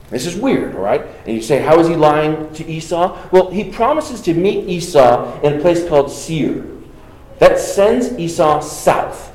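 Man, Bible lesson, reads verses then asks rhetorical questions, repeats himself, high animated voice. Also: unhurried, roomy sound, rough recording. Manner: repeats phrases and restarts. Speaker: Bible teacher.

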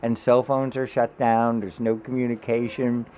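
A man telling an emotional personal story in a podcast chat, animated and swearing freely. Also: mid-range voice, moderate pace. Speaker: guest. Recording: dull, slightly noisy podcast audio.

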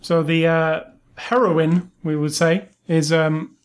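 A man's voice: on the high side, flat delivery, takes it slowly. A man co-hosting a casual movie review chat, opinionated and chatty, with frequent ums and restarts. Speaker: podcast co-host.

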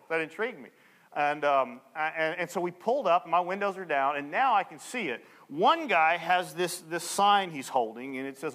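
A male pastor preaching a sermon, telling a story and acting out the people in it with lively energy. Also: a little high, fairly quick, big-room sound. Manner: animated storyteller acting out dialogue.

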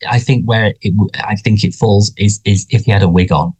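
A man's voice: fairly low pitch, fairly quick, darkish tone, slightly rough. A man co-hosting a podcast, chatting casually and rambling with lots of restarts. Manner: rambling, frequent restarts and fillers. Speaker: podcast co-host. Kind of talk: casual chat about a sitcom.

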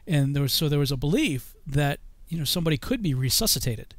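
A man's voice: a little high, quick pace, no echo. A man in casual conversation about scripture, telling stories animatedly and acting out quotes. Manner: animated storyteller, acts out quotes. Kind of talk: casual religious discussion.

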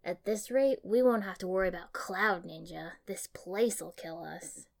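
A woman's voice: fairly low pitch, normal speed, vocal fry. A woman voicing a tired young male ninja, dry and wry, for an audiobook. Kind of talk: audiobook character voice.

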